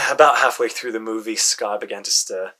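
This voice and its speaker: A man telling his own ongoing story in a casual, halting way, sighing often and restarting sentences. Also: fairly low pitch, sharp tone. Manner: halting, with frequent sighs and restarts. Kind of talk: casual first-person storytelling.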